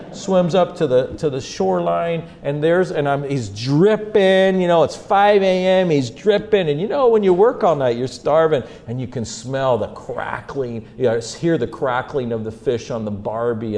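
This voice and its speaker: A man preaching a sermon as a humorous story, acting out the scenes with big jumps in pitch and loudness. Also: moderate pace, gravelly, slight background noise.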